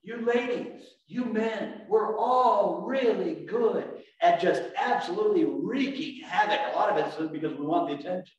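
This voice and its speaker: A man preaching a sermon as pastor, animated, swinging from shouts to quiet asides. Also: sits high, moderate pace, few pauses, dull audio. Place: church sanctuary. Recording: echoey church room from far off.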